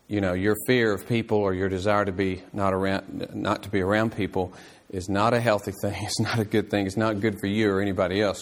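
A man teaching a church Bible class in an earnest, explanatory way, halting often with fillers and restarts. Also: fairly low pitch.

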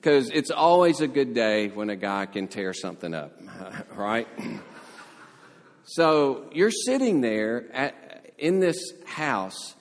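A man's voice: mid-range voice, slow. Storytelling male preacher in a reverberant hall. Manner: storytelling, animated voices for quotes. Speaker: pastor. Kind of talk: sermon.

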